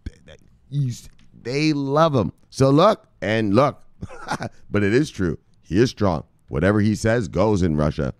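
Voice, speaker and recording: A man's voice: lowish voice, a little mellow, dry recording, studio quality. A man hosting a crypto news video, talking in a rambling, profane, jokey way and calling his viewers brothers. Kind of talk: casual profane commentary.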